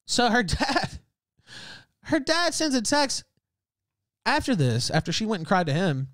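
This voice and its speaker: High, animated man ranting profanely. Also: a little slow, no room sound. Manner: profane, heated ranting with frequent laughs. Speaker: livestream host. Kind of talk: ranting casual talk.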